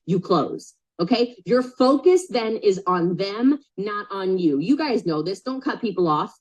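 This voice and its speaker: A woman's voice: mid-range voice, expressive, unhurried, a little mellow, poor audio. A woman coaching a group live on a sales call, super direct and emphatic, repeating key points and checking in with frequent "okay?" questions. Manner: casual, swears, checks in with "okay?".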